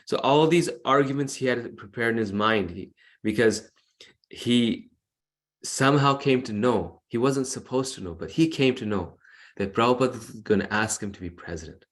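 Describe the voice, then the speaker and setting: A man giving a devotional class over a video call, telling a story with earnest, animated delivery. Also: mid-range voice, moderate pace.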